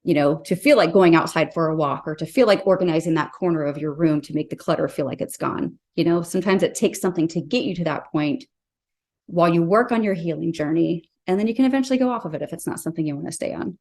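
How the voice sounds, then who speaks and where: A woman's voice: on the low side, quick pace, a little mellow. A woman in her thirties, a life coach guest on a podcast, talking earnestly and casually with many fillers and restarts. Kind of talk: casual interview talk.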